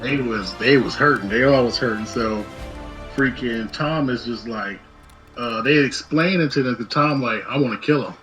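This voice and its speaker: A man recaps a film in loose, slangy chat, jumping into the characters' lines as he goes. His voice sits at an ordinary middle pitch. Faint music plays quietly behind him. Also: normal speed, poor audio. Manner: loose slangy storytelling, acts out quotes. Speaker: movie reaction co-host. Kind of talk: casual movie recap chat.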